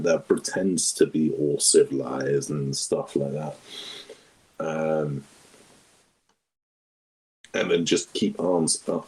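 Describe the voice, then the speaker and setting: Deep husky hesitant panelist. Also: male voice, a little mellow, low-quality recording. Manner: hesitant, repeats words while thinking aloud. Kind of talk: casual live-stream chat.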